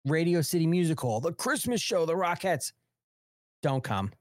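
A man's voice: on the high side, animated, fairly quick, no room sound, studio quality. Blunt, heated middle-aged man host. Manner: heated, blunt and profane, repeats phrases for emphasis. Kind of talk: live political talk show.

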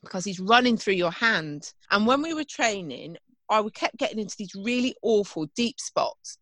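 A woman's voice: mid-range voice, normal speed, no echo. Chatty woman, dry sound. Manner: chatty, self-deprecating, animated storytelling. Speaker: podcast co-host and event rider. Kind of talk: casual chat.

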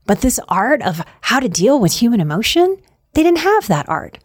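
A woman's voice: mid-range voice, no room sound, studio quality. A middle-aged woman hosting a reflective talk on anxiety, speaking earnestly with repeated emphasis and the odd "y'all". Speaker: podcast host on anxiety.

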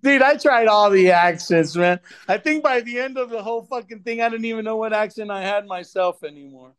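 Guy with a high voice rambling a story, cussing a lot, dry mic. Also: fairly quick, a bit bright, smooth, no echo. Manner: loose storytelling, heavy swearing and slang. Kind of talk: casual chat.

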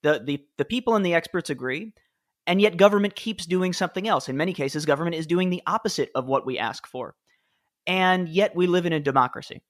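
Guy in his 30s, kinda high voice, rambles through funny work stories, lots of restarts. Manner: animated anecdote-telling, quick and self-deprecating with restarts. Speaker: author and former speechwriter, guest. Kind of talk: conversational interview storytelling.

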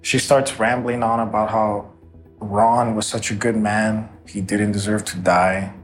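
A man's voice: on the low side, level tone, unhurried, soft background music. A man giving documentary interview testimony, recounting a shooting in an earnest, emotional first-person way.

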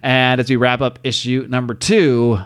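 A man's voice: mid-range voice, level tone, moderate pace. A man co-hosting a podcast, recapping a comic in a casual, chatty way with long runs and fillers. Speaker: podcast co-host.

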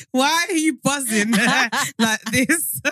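A woman's voice: sits high, extremely slow, no echo, clean studio sound. A woman co-hosting a podcast, telling stories in casual chat and laughing often. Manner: laughs often, animated storyteller. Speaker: podcast co-host.

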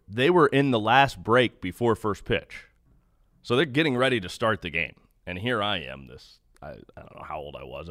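A young man with a low voice tells stories about his broadcasting career. He sounds earnest and self-deprecating, with nervous laughter. The recording is dry and close, with no room sound. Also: a bit bright, dry recording. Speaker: baseball broadcaster, guest. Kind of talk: conversational storytelling.

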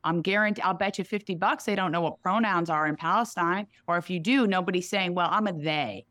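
A woman's voice: on the low side, quick pace, a bit bright, no room sound. A woman, a real estate executive talking candidly in an interview, blunt and emphatic, speaking in run-on bursts.

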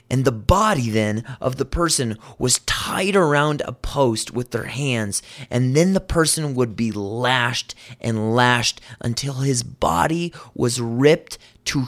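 Earnest male preacher slowing for emphasis. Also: mid-range voice, fairly bright tone. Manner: earnest, emphatic, slows down to stress vivid details; asks rhetorical questions. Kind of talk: sermon with scripture reading.

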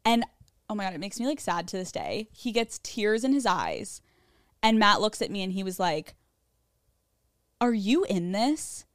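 A woman's voice: mid-range voice, very animated, normal speed, dry recording, studio quality. A woman hosting a solo podcast, telling a personal story in a casual, candid and profane way, full of chatty fillers. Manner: candid, profane, self-mocking. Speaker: podcast host.

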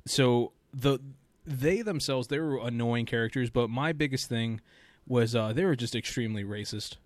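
A man's voice: medium pitch, moderate pace, dry recording. A young man co-hosting a casual podcast, joking, laughing often and trailing off mid-sentence. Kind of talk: casual chat.

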